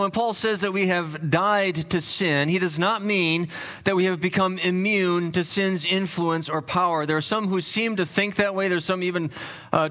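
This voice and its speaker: Earnest pastor, slightly high voice. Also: male voice, bright, forceful tone. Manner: earnest teaching tone with frequent restarts and fillers; drops low and slow for emphasis. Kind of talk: sermon.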